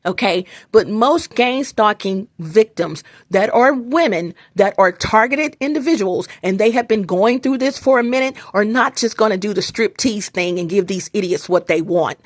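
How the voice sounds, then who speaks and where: Female vlogger, talks to her phone, restless and rambling, cusses freely; medium pitch, dry sound. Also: animated, moderate pace, few pauses, no echo. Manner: loose, emphatic and profane, with many restarts and asides. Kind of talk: rambling casual monologue.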